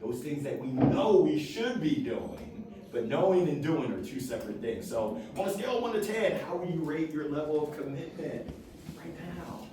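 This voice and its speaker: Animated man speaking in an echoey room. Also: a little high, moderate pace. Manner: energetic, playful, quizzes the crowd. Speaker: motivational speaker. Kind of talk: lively workshop talk to a live audience. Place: meeting room with a live audience. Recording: very echoey room, far from the mic.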